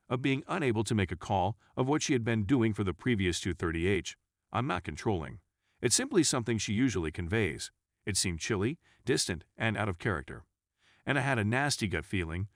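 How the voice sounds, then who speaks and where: Lively low-voiced man narrating a story. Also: no room sound, clean studio sound. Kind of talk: scripted narration.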